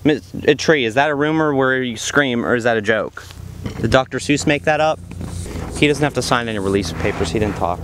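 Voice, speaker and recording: A man playing a news reporter in a comedy sketch outdoors, talking in a deadpan, rambling way. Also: mid-range voice, brisk, background noise.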